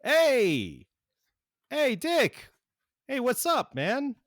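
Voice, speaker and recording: A man's voice: very high-pitched, wildly swooping pitch, drawn-out words, fairly bright tone, no echo, clean studio sound, voice pushed up, exaggerated voice. Man doing a cheery young speedster hero. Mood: cheerful.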